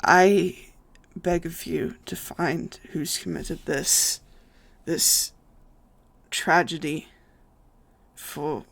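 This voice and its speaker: A game master voicing a large, grieving male lich who is a god of death, speaking softly and haltingly with many hesitations. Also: mid-range voice, steady tone, gravelly, heavily acted. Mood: sorrowful. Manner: halting, soft-spoken, full of hesitations.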